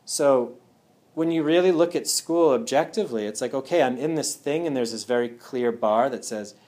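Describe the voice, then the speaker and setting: A man's voice: mid-range voice, moderate pace, a little mellow. A man speaking casually to a live audience at a wellness talk. He often checks in with "yeah?" and "right?".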